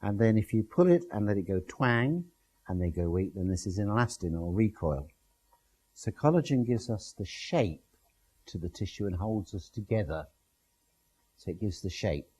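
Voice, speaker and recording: A man lectures a class in a low, husky voice, walking listeners through slides step by step. His tone is dark and mellow, and he explains with plain everyday comparisons. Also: poor audio.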